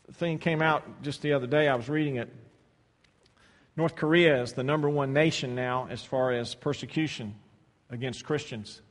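A man preaching a sermon, swinging between loud, stretched-out scripture reading and soft, low asides, often repeating words as he restarts. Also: fairly even intonation, normal speed. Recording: long hall reverb.

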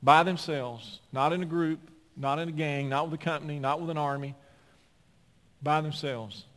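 A male pastor preaching a sermon with emphatic, folksy delivery, piling up repeated phrases and building toward near-shouting. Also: on the high side, fairly even intonation, moderate pace. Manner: folksy asides and repeated words. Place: church sanctuary. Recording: long reverb of a large hall.

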